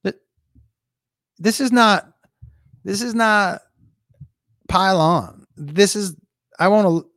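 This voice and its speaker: Animated, profane man with a lively voice. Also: high voice, no room sound, clean studio sound. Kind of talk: casual chat.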